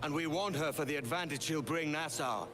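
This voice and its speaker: A swaggering pirate captain, as an actor voices him rallies his crew, high-pitched and theatrical. His rousing speech sits over loud game music. It comes from a video game. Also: fairly quick, close to an everyday voice.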